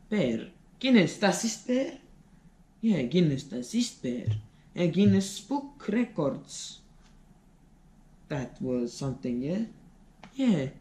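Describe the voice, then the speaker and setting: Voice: mid-range voice, warm tone. A speaker voicing a cocky man with a put-on Australian accent, who brags at a bar and keeps asking if he is right. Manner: brash and boastful, with tag questions. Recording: roomy echo.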